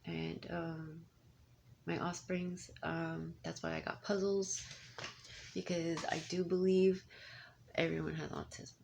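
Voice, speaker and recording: A woman's voice: on the low side, level tone, slow pace, vocal fry, long pauses, darkish tone. A woman in her thirties, a parent, talking in a casual, rambling monologue full of restarts and asides. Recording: faint background noise.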